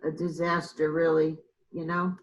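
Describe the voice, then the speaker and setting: Woman co-host, lower voice, earnest and opinionated, plain chat. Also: little pitch movement, measured pace, highs cut off. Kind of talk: casual chat.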